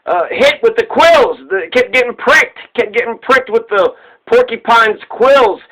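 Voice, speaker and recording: A man with a high, bright voice retells an old fable off the cuff. He rambles and swears freely, and he laughs at his own jokes. The audio has a radio-like sound. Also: a little slow, poor audio. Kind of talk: casual profane retelling.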